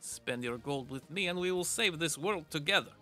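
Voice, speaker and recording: A man's voice: fairly high pitch, fast, sharp tone, faint music behind. A man voicing a flowery, boastful male weaponsmith in a game, speaking in a formal, theatrical way. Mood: grandiose. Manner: theatrical, formal old-fashioned speech.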